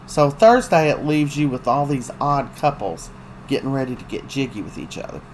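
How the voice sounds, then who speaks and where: A host gives a casual, gossipy recap of a soap opera's week, filling the chat with ums and uhs and voicing characters' lines in quick put-on voices. The voice is mid-range, and the low-quality recording carries slight background noise.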